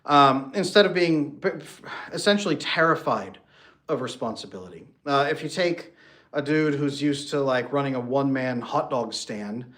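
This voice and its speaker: Animated male relationship coach. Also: medium pitch, moderate pace. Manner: lively, swings into playful mock voices for examples. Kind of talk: animated solo talk with acted-out examples.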